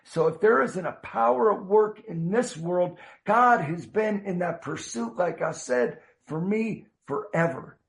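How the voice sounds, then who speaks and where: Gravelly older man telling his recovery story. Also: high voice, animated. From United States. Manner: earnest, halting, with many restarts and a casual "man". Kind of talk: heartfelt personal storytelling.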